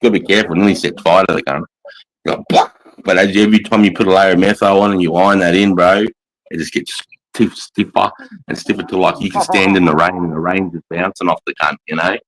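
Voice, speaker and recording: Australian army veteran host, deep voice, swears freely, relaxed storytelling. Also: male voice, fast, poor audio. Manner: blunt, profane storytelling. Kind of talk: casual livestream chat.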